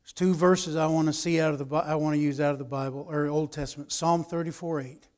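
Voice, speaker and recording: A man preaching a sermon, dropping to quiet asides and rising to emphatic, raised passages. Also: fairly high pitch, fairly even intonation, fast.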